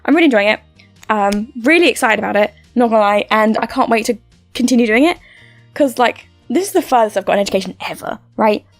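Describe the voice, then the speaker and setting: A young woman chats to the camera in a bubbly, rambling way, tripping over her words and leaning on fillers. Her voice sits a little high, and the sound is close and dry. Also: animated, quick pace, dry recording, soft background music. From United Kingdom. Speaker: YouTuber. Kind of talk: casual to-camera update chat.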